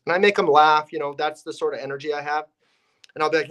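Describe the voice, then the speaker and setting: A man's voice: fairly high pitch, steady tone, quick pace, a bit bright. A young man, a real estate investor and agent, telling stories casually and acting out his phone calls with realtors. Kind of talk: casual podcast storytelling.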